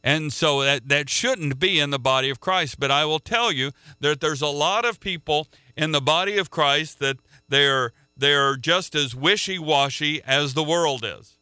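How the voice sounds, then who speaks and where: A man's voice: on the high side, unhurried, few pauses, pushed and bright, clear, resonant tone, no echo, studio quality. A man preaching a sermon in an earnest way, often repeating words as he restarts a thought.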